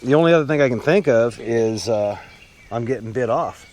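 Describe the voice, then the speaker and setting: A man's voice: medium pitch, animated, normal speed, a little mellow, a little hiss or hum. A man hosting a fishing vlog, chatting casually and plainly outdoors on a creek bank. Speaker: fishing vlogger.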